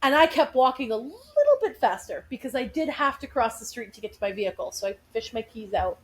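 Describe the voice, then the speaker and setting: Woman, podcast co-host, casual chat, animated and chatty, fairly high voice. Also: quick pace, slight background noise, poor audio. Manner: animated, chatty, laughs while telling stories. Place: home living room.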